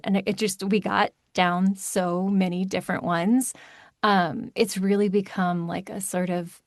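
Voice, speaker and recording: Chatty american lady narrator from maryland, talks fast with lots of asides, dry mic. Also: medium pitch, no room sound. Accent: General American. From Maryland, USA. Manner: chatty, animated, quick asides. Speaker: audiobook narrator guest. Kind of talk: casual interview chat.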